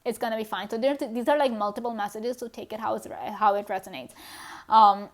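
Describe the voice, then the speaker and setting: A woman reads tarot cards in a relaxed, conversational way. Her voice sits a little high. She speaks directly to the viewer, dropping in "you know" and soft laughs as she goes. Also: brisk. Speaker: tarot card reader. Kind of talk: casual pick-a-card tarot reading.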